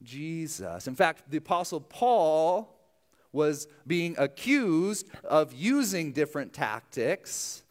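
A man's voice: a little high, very animated, takes it slowly. A young adult male pastor preaching a sermon in a conversational, self-deprecating way, full of asides.

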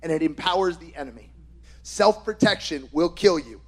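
A middle-aged man preaches with rising fervor, his voice sitting high for a man. He drives his points hard and at times breaks into shouted exhortation. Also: lively intonation, moderate pace. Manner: impassioned, shouts exhortations in a second language. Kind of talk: sermon.

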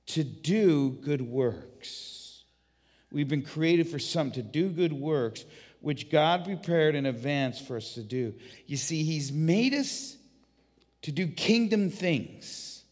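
A male pastor with a fairly high voice delivers an animated, storytelling sermon, often restarting his phrases. His words echo with a long reverb in a church sanctuary. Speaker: guest pastor.

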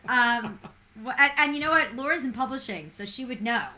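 A woman hosting a casual trivia segment, chatty and excitable, calling on listeners by name. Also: on the high side, brisk, a little hiss or hum. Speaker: trivia host.

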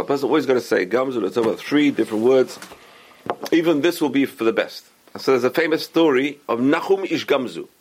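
Animated man telling a moral story. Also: mid-range voice, husky. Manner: animated, acts out characters' lines. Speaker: religious storyteller.

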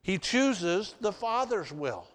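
Male preacher, high clear voice, unhurried sermon delivery, long church-hall reverb. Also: sing-song. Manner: swings between loud emphasis and hushed, earnest delivery. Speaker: pastor.

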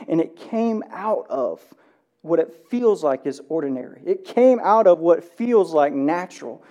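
A pastor preaching a sermon in a church. He tells stories with lively acted-out dialogue and drops to a hushed, slow voice in prayer. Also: fairly high pitch, muffled recording. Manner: animated storytelling, acts out movie dialogue. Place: church sanctuary.

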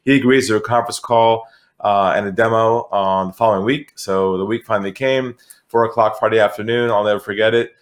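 Middle-aged man, from California, somewhat low voice, animated storyteller, acts out quoted voices. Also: a little fast. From San Diego, California. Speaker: guest, sales expert. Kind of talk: conversational storytelling.

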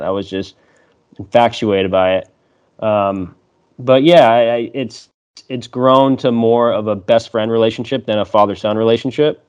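A young man chatting as a podcast guest, relaxed, laughing often and swearing freely. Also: on the low side, smooth, highs cut off. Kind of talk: casual conversation.

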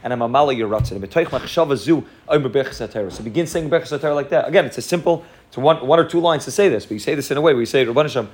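Rapid-fire man giving a Torah class. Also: medium pitch. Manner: rapid, repetitive, mixes Hebrew and Yiddish terms into English. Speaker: rabbi teaching a class. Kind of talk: fast Torah lecture.

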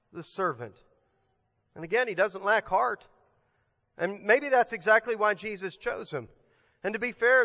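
A man's voice: high-pitched, sharp tone, in a large hall, muffled recording. A male pastor preaching a sermon in a conversational, emphatic way, often restarting his sentences.

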